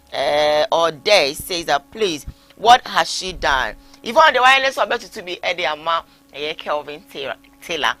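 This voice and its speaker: A Ghanaian man hosting a live talk show, reading out viewer messages and mixing English with Twi. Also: on the high side. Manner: animated, switching between English and Twi. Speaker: host. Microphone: live-streamed talk show.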